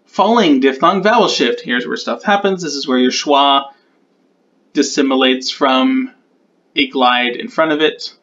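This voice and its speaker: A man in a relaxed walkthrough explains linguistic rules, pausing to think and fix his own mistakes along the way. His voice sits at an ordinary middle pitch. The recording sounds slightly dull and lo-fi. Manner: thinks aloud, corrects himself mid-sentence. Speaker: conlang creator explaining sound changes.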